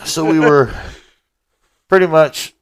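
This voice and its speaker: A man's voice: on the high side, slow. A man co-hosting a podcast, telling a rambling, profanity-laced story in casual chat and laughing through it. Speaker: podcast co-host.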